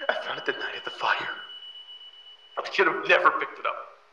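An actor playing a haunted, paranoid older man tormented by a voice, often dropping into hushed whispers. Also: on the high side, moderate pace, highs cut off, background noise, lightly acted. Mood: fearful, hushed. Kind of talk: analog horror audio drama. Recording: echoey room.

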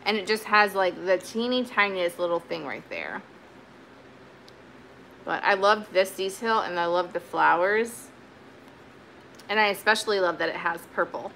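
A chatty woman talks through her thrift finds in an easy, rambling way, full of fillers and restarts. Her voice is bright and forward, with a faint hiss in the background. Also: on the low side, a little slow, gravelly, pauses often. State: sweaty, warm. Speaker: vintage reseller. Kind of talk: casual haul video chat.

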